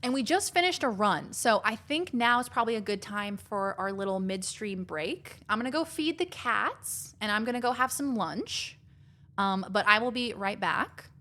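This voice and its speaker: A woman's voice: mid-range voice, animated, normal speed, bright, forceful tone, a little hiss or hum. A woman chatting casually while live-streaming a game, rambling and filling her talk with "like".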